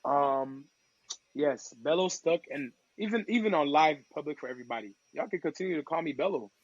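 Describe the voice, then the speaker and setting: A man from Togo, a podcast guest and DJ, telling stories in casual chat with slangy, lively talk. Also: fairly high pitch, a little fast, breathy edge, dry recording, highs cut off. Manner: lively, acts out quoted voices, slangy.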